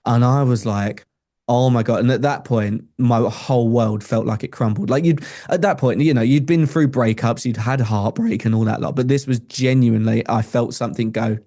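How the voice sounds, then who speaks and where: This warm, mid-range voice belongs to a young adult man from England. As a guest on a podcast, he shares a personal story in an earnest, chatty way, frequently starting over mid-thought.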